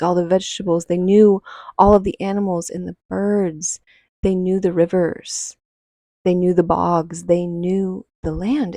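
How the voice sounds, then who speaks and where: A woman from the United States tells a personal story in a slightly low voice, earnest and animated. She scatters casual fillers through her telling. The sound is dry and close, with no room around it. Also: no room sound. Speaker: spiritual speaker.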